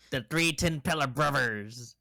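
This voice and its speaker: A man's voice: a little high, bright, forceful tone, heavily acted. A man voicing a cocky male crook, swaggering and slangy.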